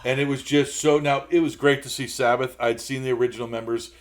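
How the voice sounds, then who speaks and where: A man's voice: medium pitch, fairly quick. A middle-aged man, a podcast co-host, telling a rambling story in casual chat and acting out what people said. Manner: rambling animated storyteller, acts out quotes.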